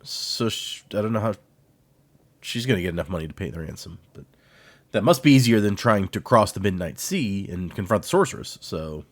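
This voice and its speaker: A man's voice: sits low, lively intonation, a little fast, no room sound. A man co-hosting a podcast, animatedly retelling a book's plot in casual chat and often laughing. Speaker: podcast co-host. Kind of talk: casual book discussion.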